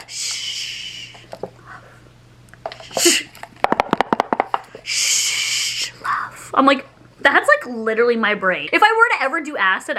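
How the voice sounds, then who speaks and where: Young woman, beauty vlogger, bubbly, giggly, bright crisp voice, slightly high pitch. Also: a little hiss or hum. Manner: bubbly, giggly, says "like" constantly. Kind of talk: casual chat.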